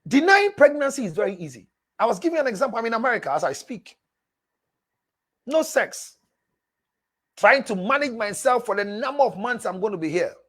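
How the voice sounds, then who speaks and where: A man's voice: extremely high pitch, very animated, a little fast, long pauses, a bit bright. A man working as a relationship counselor on a live show. He reads viewer messages aloud and answers them in an emphatic, preachy way, repeating phrases for stress and calling listeners "my dear.".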